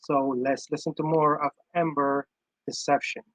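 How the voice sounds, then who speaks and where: A man's voice: on the high side, flat delivery, normal speed, fairly bright tone, no echo, rough recording. A man giving casual, emphatic commentary on a live stream, reacting to audio he plays and repeating his points. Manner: emphatic, chatty, repeats himself.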